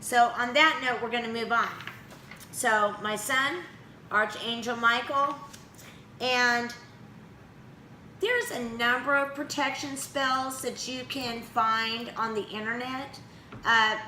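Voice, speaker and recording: A woman's voice: fairly high pitch, takes it slowly, pushed and bright. Chatty woman teaching in an echoey room. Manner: chatty, frequent "okay?" check-ins. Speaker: spiritual practitioner. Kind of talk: casual how-to demonstration. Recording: echoey room with faint ambient noise.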